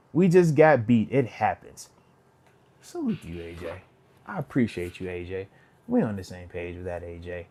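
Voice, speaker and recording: A man in his thirties, a retired football player and host, giving a casual, animated live post-game reaction and talking to his viewers. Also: a little high. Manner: animated, talks to chat, quotes players in put-on voices.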